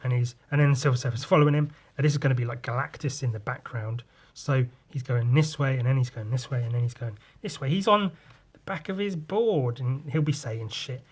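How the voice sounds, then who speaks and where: A man's voice: medium pitch, steady tone, fast talker, darkish tone, husky. A man, hosting a podcast, rambling casually about drawing and swearing freely. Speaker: podcast host and comic artist. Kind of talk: casual chat.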